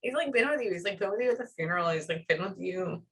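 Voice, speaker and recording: A woman's voice: medium pitch, expressive, fast talker, fairly bright tone, slightly rough. A woman working as a psychic medium, relaying messages in a chatty, emotional reading session full of fillers.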